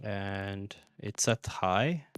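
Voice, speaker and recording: A man giving relaxed gameplay commentary as he tests a game on his PC, thinking aloud with many fillers and restarts. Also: lowish voice, drawn-out words, soft background music. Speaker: gaming channel host.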